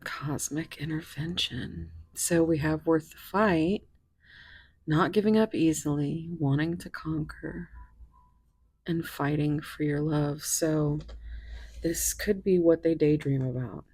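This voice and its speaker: A woman's voice: low voice, fairly even intonation, takes it slowly, dark tone, no room sound. A woman doing a tarot reading, musing and thinking aloud with frequent fillers. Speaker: tarot reader.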